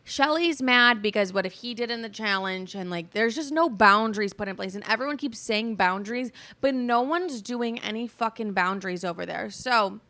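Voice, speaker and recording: A woman's voice: on the high side, moderate pace, hardly any pauses, bright, forceful tone. A young woman hosting her podcast, rambling through a casual rant full of fillers and swearing, talking around a sore jaw. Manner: chatty, rambling, filler-heavy, swears freely. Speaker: podcast host. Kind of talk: casual ranting monologue.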